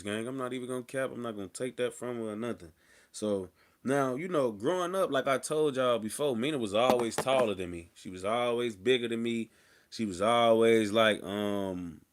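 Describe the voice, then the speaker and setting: A man, an interview guest, telling a story in a casual, slang-filled way and loudly acting out the people in it. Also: mid-range voice. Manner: animated, slangy, acts out quotes loudly.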